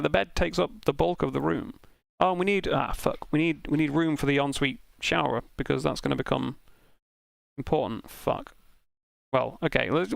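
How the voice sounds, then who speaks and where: Gravelly man telling a story. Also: on the high side, dry recording. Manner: animated, swearing, self-mocking anecdote with laughs. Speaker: sim racing streamer. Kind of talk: casual storytelling while streaming.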